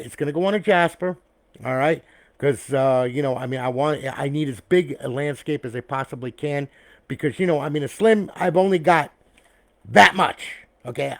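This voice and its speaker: A man's voice: medium pitch, dry recording. A man who builds custom consoles, talking casually to camera in a rambling way, tagging "okay?" and "all right?" onto nearly every point, blunt and profane and chummy with his viewers, recorded on an external mic. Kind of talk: casual talk to camera about a finished build. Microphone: external mic, replacing the camera's built-in one.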